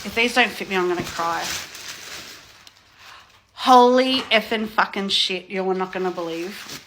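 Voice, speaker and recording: A woman in her thirties from Australia, casually unboxing on her vlog, excitable and gushing, swearing freely. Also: medium pitch, a little slow, a little hiss or hum. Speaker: vlogger.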